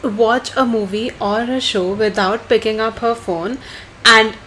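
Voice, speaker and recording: A woman's voice: a little high, fairly even intonation, a little slow, pushed and bright, slight background noise. A young woman co-hosting a podcast, chatting casually and teasing her co-host. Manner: teasing, playful. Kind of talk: casual chat.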